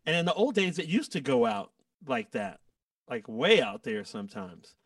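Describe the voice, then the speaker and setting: A man, a guest musician, telling stories in a casual, animated way and acting out quoted lines. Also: medium pitch, normal speed, no echo, far from the mic. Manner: animated, acts out quotes with laughs. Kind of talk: casual storytelling.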